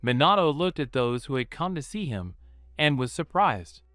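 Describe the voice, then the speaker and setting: A man reads a story aloud in a steady narrating manner. His voice is bright and forceful with a lively pitch. The recording is dry and close, with faint music underneath. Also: normal speed, dry recording. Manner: steady storytelling, voicing every character. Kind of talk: fan fiction audiobook narration.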